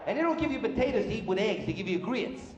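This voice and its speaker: This male comic's high voice swings widely in pitch as he rattles off brash jokes on stage for a live crowd, putting on characters' voices along the way. The audio is noisy and echoey, with live club room reverb.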